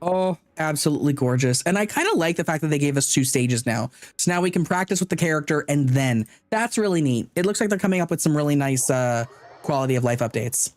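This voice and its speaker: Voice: mid-range voice, animated, fast, a little mellow, no room sound, soft background music. A streamer giving casual live commentary on a game, chatty and thinking aloud, sometimes stumbling over unfamiliar names.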